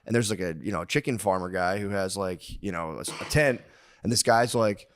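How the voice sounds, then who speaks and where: A man's voice: sits low, brisk, clean tone. A man in his thirties co-hosting a podcast, telling profane, exasperated stories in casual chat. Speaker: podcast co-host.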